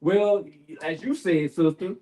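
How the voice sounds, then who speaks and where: An older man speaks at a community panel in a folksy, preacher-like way. His voice sits fairly high for a man, and he keeps tossing in "right?" to hold the room. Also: takes it slowly, dark tone, low-quality recording. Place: bookshop event room.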